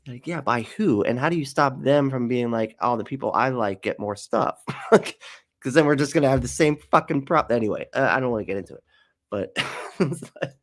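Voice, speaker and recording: A man's voice: mid-range voice, expressive, fairly quick. A man hosting a casual reaction commentary, sarcastic and profane, often laughing. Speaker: commentary host.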